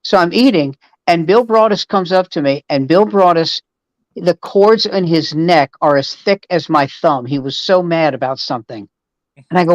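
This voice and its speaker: A man's voice: a little high, moderate pace, no echo, rough recording. A man, a veteran standup comedian hosting the show, telling a profane story and acting out the voices of the people in it. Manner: animated anecdote teller, acts out voices, profane. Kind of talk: casual chat.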